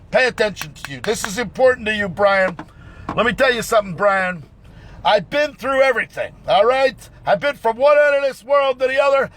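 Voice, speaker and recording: Brash, hollering high-voiced man. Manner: loud, boastful, brash, swaggering; frequent shouting and hollered whoops. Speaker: locksmith. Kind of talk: unscripted live rant.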